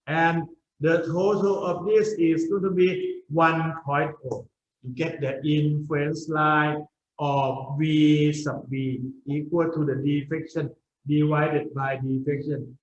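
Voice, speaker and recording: A man's voice: a little high, slight background noise. A male university lecturer giving a lecture, explaining step by step and often checking in with "okay?". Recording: roomy, dull lecture recording.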